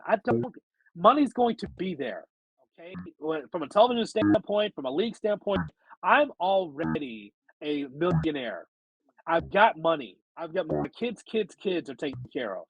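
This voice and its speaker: A man rants animatedly on a sports podcast, acting out mocking little quotes. His voice sits high and gravelly, with a husky edge. The sound is dry and close. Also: no room sound, low-quality recording. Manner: animated, ranting, acts out mock quotes. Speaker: sports radio co-host. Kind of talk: casual sports podcast banter.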